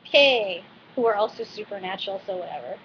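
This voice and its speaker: A woman giving a casual, chatty recap of a TV episode, talking with animated asides and frequent fillers. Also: mid-range voice, quick pace. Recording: dull lo-fi recording with faint noise.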